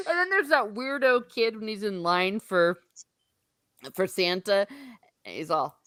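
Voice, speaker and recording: A woman's voice: mid-range voice, slow, pauses often, dry recording, studio quality. A middle-aged woman hosting a podcast, chatting casually and retelling movie scenes with lots of laughter and acted-out lines. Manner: animated storytelling, frequent laughter, acts out movie lines. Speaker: podcast host. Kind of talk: casual chat.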